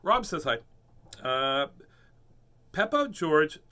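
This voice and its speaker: A man's voice: on the high side, sing-song, takes it slowly, bright, forceful tone. A man hosting a casual live read-aloud of children's books, playful and goofy, often laughing at himself. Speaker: host reading children's books.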